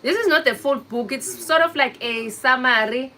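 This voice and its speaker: Bright, forceful, and high-pitched, a woman's voice carries a casual livestream at a moderate pace. She chats with viewers, calling them by name and teasing them. The audio quality is poor.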